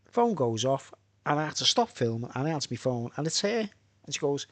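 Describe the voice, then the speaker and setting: A man with a Merseyside accent talks live in a loose, rambling way. He keeps tacking on tag questions and side stories. His voice sits at an ordinary middle pitch. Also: big pitch swings, fairly quick, fairly bright tone, no room sound. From Birkenhead, England. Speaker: vlogger.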